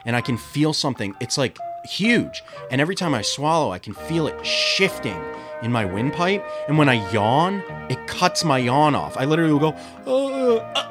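A man co-hosting a podcast in casual chat, his throat a little raspy, rambling and swearing with lots of ums and restarts. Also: medium pitch, sing-song, normal speed, music in the background. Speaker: podcast co-host.

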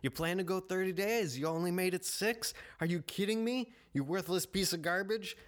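A man's voice: high voice, moderate pace, pitched above the performer's own voice, lightly acted. A man voicing his scornful inner critic, mocking and berating himself. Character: scornful male inner critic, shouting insults.

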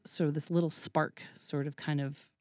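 This is a woman with a low voice, chatting as a podcast guest. She is animated, laughs often, and acts out the quoted dialogue as she goes. The recording is close and dry. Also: moderate pace, no echo. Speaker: podcast guest, burlesque troupe founder. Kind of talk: casual interview storytelling.

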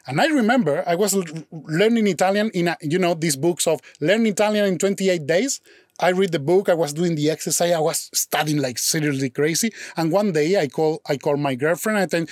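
Brief: male teacher, higher voice, dry close sound, animated storyteller. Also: moderate pace, dry recording. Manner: animated storyteller, acts out quoted dialogue, frequent restarts; non-native English with slips. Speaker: language teacher. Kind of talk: casual conversation.

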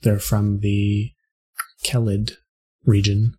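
A man narrating as game master of a tabletop game, speaking in a relaxed, conversational way. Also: lowish voice, slow, breathy edge.

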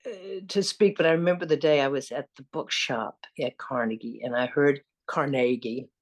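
A woman's voice: low-pitched, fairly even intonation, moderate pace. Older woman, faint Southern accent, laughs a lot. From American South. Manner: warm, rambling, self-deprecating, laughs often. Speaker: actress, interview guest. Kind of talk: casual storytelling interview.

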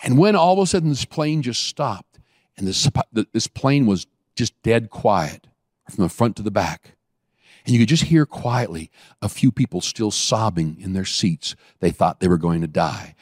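A man preaching a sermon, telling a story with animated bursts and slowing right down on key phrases. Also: dry recording, studio quality. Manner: animated storytelling, acts out scenes with sudden high bursts.

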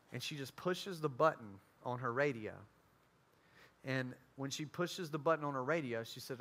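A man, a student ministry pastor, telling a personal story in a sermon and acting out the other people in it. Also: medium pitch. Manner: animated, acts out the voices of others in his story.

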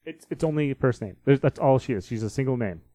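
A man's voice: mid-range voice, lively intonation, fast talker, dark tone, no echo. A man hosting a casual chat who explains things and steers the talk.

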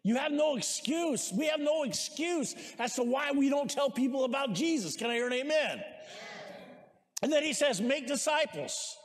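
A man with a very high voice preaches to his congregation, urging them on and calling out for amens. He rises to shouts at the high points. His voice rings with the long reverb of a large church sanctuary. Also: animated, moderate pace. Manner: exhorting, calls for amens, shouts at peaks. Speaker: pastor. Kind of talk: sermon.

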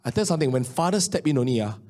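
A man in his late thirties with a Singaporean English accent, preaching a sermon and telling personal stories, swinging between hushed low lines and raised excited ones. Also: rapid-fire. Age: 30s. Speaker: pastor.

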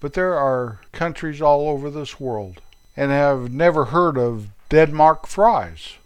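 A middle-aged man with an American accent talks in a voice pitched a little high. He delivers a playful comedic monologue and keeps teasing himself in a goofy way. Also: expressive, slow pace, clear, resonant tone. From United States. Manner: playful, goofy, self-mocking.

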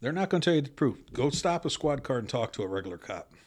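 A man's voice: medium pitch, sing-song, quick pace, darkish tone. A man who was a police officer, a guest on a podcast, telling blunt, earnest stories in casual talk.

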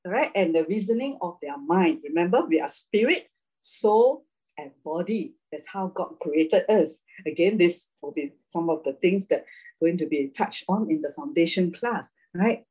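A woman's voice: on the low side, lively intonation, unhurried, darkish tone, breathy edge, rough recording. A woman teaching a casual Bible class, chatty, laughing often and checking in with "right?".

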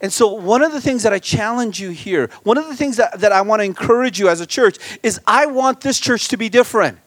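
A man preaching as a guest pastor at a church retreat, animated, swinging between loud emphasis and quiet asides. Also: high-pitched, fairly quick, dry recording. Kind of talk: sermon.

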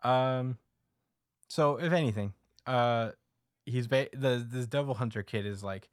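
A man hosts a laid-back podcast, retelling scenes and slipping into the characters' lines. His voice sits at a middle pitch. The sound is dry and close, with no room around it. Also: unhurried, no room sound. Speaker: podcast host. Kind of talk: casual manga recap chat.

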